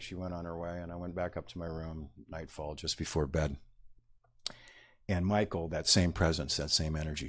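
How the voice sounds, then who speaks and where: Deep-voiced man telling a story. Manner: halting, reflective, many pauses and fillers. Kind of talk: personal story told to an audience.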